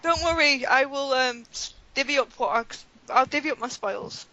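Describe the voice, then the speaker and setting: A woman's voice: high-pitched, normal speed, bright, forceful tone, dry recording. A woman playing in a tabletop game, laughing often, swearing and pleading with the game master. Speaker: player. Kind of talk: casual tabletop game chat. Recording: dull lo-fi home recording with noise.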